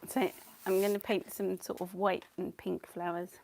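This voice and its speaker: A woman's voice: fairly low pitch, little pitch movement, normal speed, gravelly, a little mellow, a little hiss or hum. A woman chatting casually on a live stream at home, greeting viewers by name and giggling as she paints. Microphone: clip-on mic.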